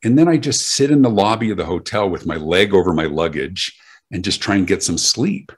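Low husky-voiced man. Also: lively intonation, fairly quick. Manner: emphatic, anecdotal, repeats words as he restarts. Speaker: guest speaker on customer service. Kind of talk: conversational interview answers.

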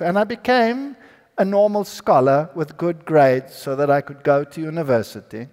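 A man's voice: high-pitched, animated, normal speed. A man giving a storytelling sermon about his own life to an audience, acting out the people in his story. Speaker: speaker giving a personal testimony. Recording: long hall reverb.

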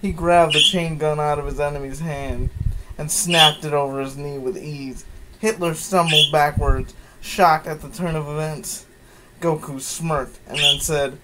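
A man's voice: on the high side, fairly even intonation, a little slow, background noise. A man giving a mocking dramatic reading of fan fiction, breaking off with incredulous asides. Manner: incredulous asides, sighs and laughs. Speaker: comedic fan-fiction reader.

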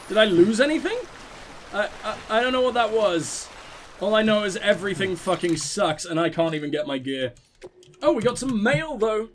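A man's voice: sits high, fairly bright tone. A man casually commenting on his gameplay, talking to himself and swearing at the game in exasperation. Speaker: let's play host.

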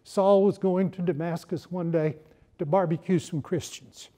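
A man with a high, warm voice lectures to a campus audience. He tells his points as stories, slipping in wry jokes. The tone stays mellow and relaxed. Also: normal speed. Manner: humorous storytelling, wry asides. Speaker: historian giving a lecture.

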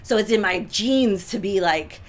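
A woman co-hosting a talk show, giving relationship advice in an animated, emphatic way with lots of repetition. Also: mid-range voice, moderate pace. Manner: animated, emphatic, repeats points. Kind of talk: casual advice chat.

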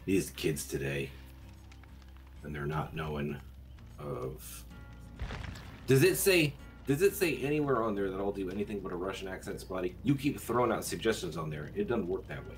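A man's voice: low-pitched, sing-song, normal speed, faint music behind. A man streaming a game live, bantering with chat in a crude, joking way.

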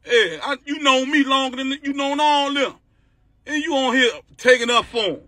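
A man's voice: extremely high pitch, moderate pace, sharp tone, dry recording. A man hosting a livestream, ranting in a heated, confrontational way, repeating himself and swearing often. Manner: heated, repetitive, confrontational, profane. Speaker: livestream host.

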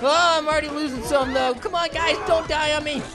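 A man voicing a hyper, wisecracking talking orange who hosts a gaming channel, giving excitable, silly gameplay commentary and repeating words in bursts. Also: very high-pitched, a little fast, crowd noise. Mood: excited. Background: game music.

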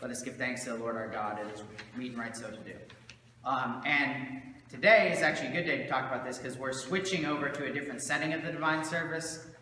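Bright-voiced pastor in an echoey church. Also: male voice, mid-range voice, quick pace, slight background noise. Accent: Southern American. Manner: conversational, many fillers and asides. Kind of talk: casual teaching talk in church. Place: church sanctuary. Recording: roomy church hall with long echo.

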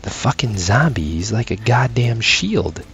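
A man's voice: lowish voice, sing-song, a little slow, fairly bright tone, highs cut off, a little hiss or hum. A man giving casual, profane gameplay commentary, ranting with sarcastic asides and sounding tired late at night. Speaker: gaming channel host.

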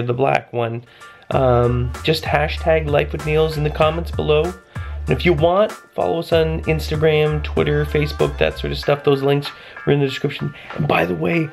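A man's voice: a little high, gravelly. Tired, chatty man vlogging casually. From Canada. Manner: chatty, rambling, relaxed. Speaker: family vlogger. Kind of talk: casual vlog chat.

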